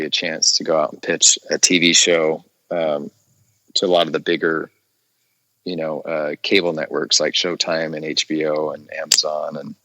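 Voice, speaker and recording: A man telling stories as a guest in a casual podcast chat, animated and laughing often, recorded in a studio. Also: extremely low pitch, background noise. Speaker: guest actor.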